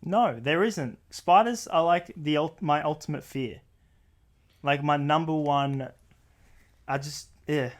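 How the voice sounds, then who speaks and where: A man's voice: on the high side, slow pace. A young man from Australia co-hosting a casual podcast, laid-back and hesitant with fillers. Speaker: podcast co-host. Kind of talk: casual chat.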